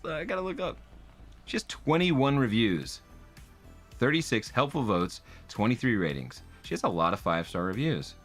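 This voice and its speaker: A man's voice: on the low side, a bit bright. A man hosting comedic commentary on reviews, with exaggerated reactions and frequent laughs. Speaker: host.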